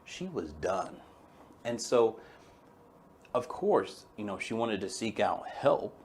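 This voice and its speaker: A man with a fairly low voice hosts a webinar in a relaxed, folksy manner. He talks to his audience like friends, with easy enthusiasm and a casual storytelling flow. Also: takes it slowly, slight background noise. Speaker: chiropractor hosting a webinar.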